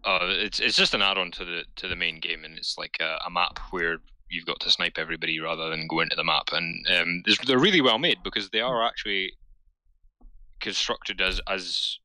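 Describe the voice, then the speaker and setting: A man co-hosting a podcast, talking in a casual, animated and sweary way. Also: sits low, fairly quick, no room sound, rough recording. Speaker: podcast co-host. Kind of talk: casual chat.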